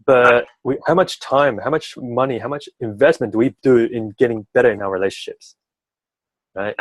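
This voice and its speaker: A talkative relationship coach gives advice at length in conversation, often ending sentences with "right?". His medium-pitched voice moves at normal speed, in a low-quality recording with no room sound.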